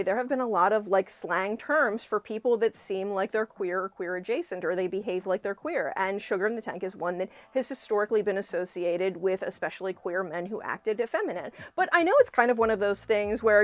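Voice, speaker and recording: A woman talking to camera in an earnest, enthusiastic way, often using filler words like "like" and "um". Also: medium pitch. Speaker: music commentator. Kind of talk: casual video commentary.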